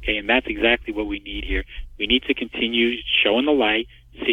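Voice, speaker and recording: A man on a phone line, rattling through his points at a quick clip. The line is thin and tinny, with no room sound at all. He talks emphatically, punching his points with rhetorical questions. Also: lowish voice, steady tone, husky, no room sound. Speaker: market structure expert guest. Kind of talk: interview over the phone.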